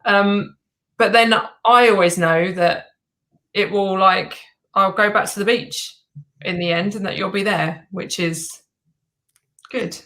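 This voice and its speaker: A woman speaking at an ordinary middle pitch, a guest on a casual conversational show. She talks candidly and reflectively, often pausing and reaching for her words. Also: fairly even intonation, a bit bright, rough recording. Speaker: guest, host's wife.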